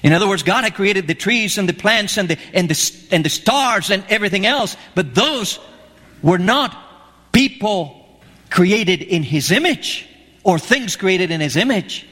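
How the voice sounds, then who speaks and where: A man's voice: sits high, lively intonation, a little slow, bright, forceful tone. A man preaching a sermon in a conversational way, often asking his listeners questions. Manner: conversational, asks the audience questions. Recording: echoey hall.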